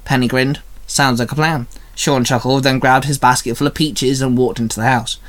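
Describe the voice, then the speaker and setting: A man's voice: medium pitch, little pitch movement, a little fast. A man reading a fan story aloud in a casual way, with small slips and restarts.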